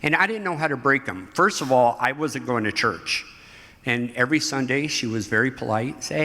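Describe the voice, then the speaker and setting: Bright-voiced middle-aged man telling stories. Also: medium pitch, brisk. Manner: animated, laughing storyteller. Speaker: interview guest. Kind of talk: storytelling interview. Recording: hall reverb.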